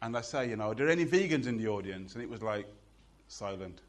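A man's voice: on the low side, expressive, fast. A middle-aged British man performing poetry to a live audience, with a rhythmic chanting delivery and playful banter with the crowd. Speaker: performance poet.

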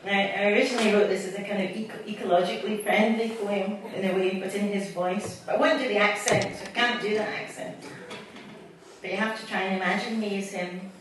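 A woman's voice: medium pitch, fairly even intonation, a little fast, background noise. A middle-aged Scottish woman poet, chatty and self-mocking between readings, speaking to a live audience. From Scotland. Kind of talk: poetry reading with chat between poems. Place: event hall with a live audience. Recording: echoey hall, distant mic, faint audience.

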